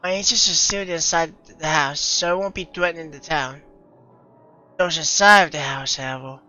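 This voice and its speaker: A woman voicing a brooding, mysterious young woman in a visual novel, speaking low and hushed with an ominous tone, on a dull lo-fi recording. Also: moderate pace, soft background music.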